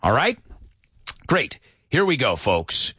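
A man hosting a live English lesson in a playful, animated way, drilling words aloud and mixing in Spanish. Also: medium pitch, takes it slowly, husky, no echo, studio quality. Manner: mixes Spanish into his English. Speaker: host of an English pronunciation show.

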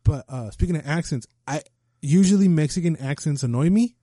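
A man's voice: fairly high pitch, lively intonation, fairly quick, mellow, no echo. A man chatting casually about a movie, laid-back and profane, dropping Spanish slang. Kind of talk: casual film chat.

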